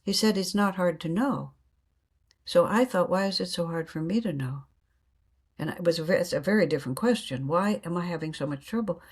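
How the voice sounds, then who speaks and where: Husky-voiced woman telling spiritual stories. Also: fairly low pitch, brisk. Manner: earnest, laughs often, acts out inner dialogue. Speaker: guest. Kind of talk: reflective spiritual storytelling.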